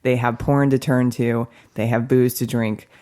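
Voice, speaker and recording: A woman's voice: rumbling low, level tone, a little slow, mellow. A woman hosting a podcast in a studio, a counselor who chats frankly and laughs often. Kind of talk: casual podcast chat.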